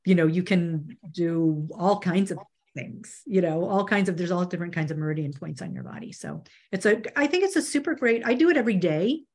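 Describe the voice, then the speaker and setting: A woman's voice: on the low side, animated, fairly quick, darkish tone. A woman media trainer speaking as an interview guest, earnest and conversational, often restarting her sentences. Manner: earnest, with frequent restarts and "you know".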